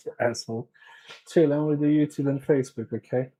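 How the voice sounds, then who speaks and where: A man's voice: medium pitch, fairly even intonation, normal speed, pauses often, dark tone, slight background noise, poor audio. A man from Sweden chatting casually with his live chat while repairing electronics, often muttering to himself as he works.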